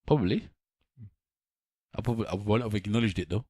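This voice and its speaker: A man's voice: fairly low pitch, no echo, studio quality. A man co-hosting a casual podcast, arguing animatedly and laughing often. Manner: rapid, animated, laughs a lot. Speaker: podcast co-host.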